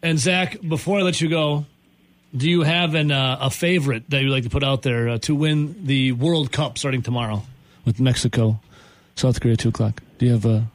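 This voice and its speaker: A man's voice: mid-range voice, fairly quick, no echo. A man hosting a morning radio show, chatting casually and joking with guests, laughing easily. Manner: animated, jokey, laughs easily.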